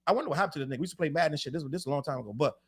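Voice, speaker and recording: A man co-hosting a podcast in casual chat, rapid and animated, cursing freely and repeating words as he restarts. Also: fairly high pitch, husky. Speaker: podcast co-host.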